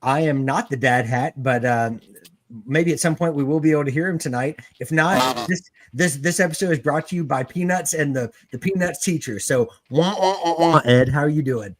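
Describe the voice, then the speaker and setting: Higher-voiced man hosting a casual sports show. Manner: loose, jokey, halting with fillers. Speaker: podcast host.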